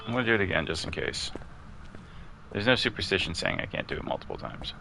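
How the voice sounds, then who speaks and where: A man's voice: low voice, expressive, fast, vocal fry, sharp tone, soft background music. A man chatting casually as he plays a ghost-hunting game, musing aloud and calling out questions to the ghost. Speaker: gamer streaming his play. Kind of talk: casual commentary while playing.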